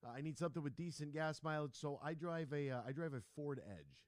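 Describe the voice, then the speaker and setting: A man hosting a sports radio show, telling stories in a casual, animated way and acting out the quotes. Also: a little high, fast talker, no room sound, clean studio sound. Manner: animated storyteller, acts out quotes, laughs.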